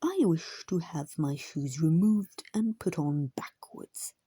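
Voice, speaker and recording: A woman's voice: low-pitched, slow, warm tone, breathy edge, no echo, heavily acted. A woman voicing an eager, proud male fairy pony in a storybook reading. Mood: polite. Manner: eager and calling out.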